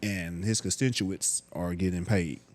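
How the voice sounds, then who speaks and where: A man with a Southern US accent in casual podcast banter, joking and laughing loudly. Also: low voice, steady tone, unhurried. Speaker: podcast co-host.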